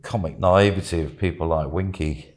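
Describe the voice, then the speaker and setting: A man's voice: low-pitched, moderate pace, darkish tone. A man and podcast guest telling a casual, rambling story, chuckling and dropping plenty of "you know"s.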